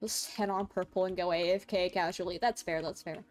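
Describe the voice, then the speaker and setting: A woman's voice: on the low side, steady tone, a little fast, soft background music. A young woman in college streaming a game, chatting casually, laughing and answering viewers. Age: young adult. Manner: chatty, laughs a lot, reads chat aloud. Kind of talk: casual gaming stream chat.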